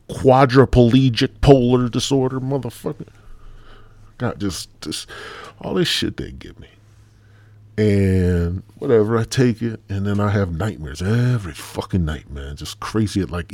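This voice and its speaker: Low-voiced rambling stoner podcast man. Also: a little mellow, dry recording. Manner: rambling, profane and joking. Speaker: podcast host.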